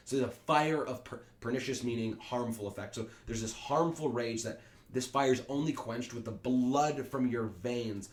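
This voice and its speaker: A man's voice: mid-range voice, normal speed. A man teaching Shakespeare in a casual lesson, explaining plainly with fillers and paraphrasing each line. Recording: echoey room.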